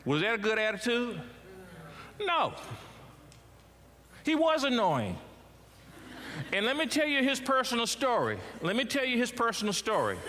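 A middle-aged man preaching a sermon as pastor, swinging his pitch and loudness widely as he talks. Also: huge pitch swings, measured pace, pauses often, slight background noise. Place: church sanctuary. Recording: church hall with long reverb.

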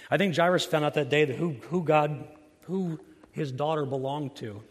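A man preaching a sermon, earnest, slowing down and softening his voice to stress key lines. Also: medium pitch, in a large hall. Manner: earnest, slows and softens for emphasis. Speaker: pastor.

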